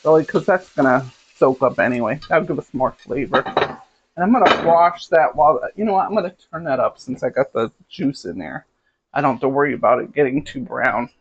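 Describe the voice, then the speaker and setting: This cooking show host, a middle-aged woman, has a very deep, animated voice and speaks fairly quickly. Filming at home, she rambles casually to the camera as she cooks, while the lo-fi recording catches dishes, pots and pans clattering around her.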